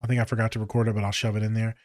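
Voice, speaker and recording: A man's voice: rapid-fire, no echo, studio quality. Swearing, joking male therapist podcaster. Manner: profane, joking, with frequent swearing; animated, jumps between low mutters and high exclaims. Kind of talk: casual podcast storytelling.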